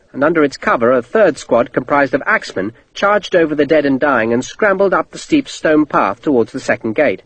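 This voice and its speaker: A man narrating an audiobook in a steady, vivid storytelling manner. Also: a little high, no room sound, poor audio. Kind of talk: scripted narration.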